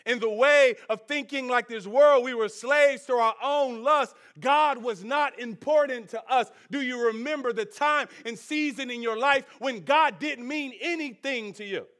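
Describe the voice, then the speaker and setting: A male pastor preaching a sermon in an animated, conversational way, calling out to the congregation. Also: extremely high pitch, a little slow, hardly any pauses.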